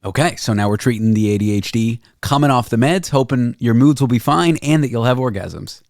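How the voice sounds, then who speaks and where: A man's voice: mid-range voice, a little fast, a little mellow, no echo, clean studio sound. A man hosting a podcast, teasing and playful, jumping in with jokes. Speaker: podcast host. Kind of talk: casual comedic interview.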